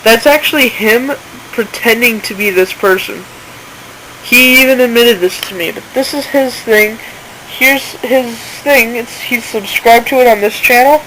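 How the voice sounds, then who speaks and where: A woman's voice: fairly high pitch, a little slow, pushed and bright, a little hiss or hum, rough recording. A woman in casual screen-recording commentary who talks informally and indignantly and reads messages aloud. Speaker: channel owner exposing a seller.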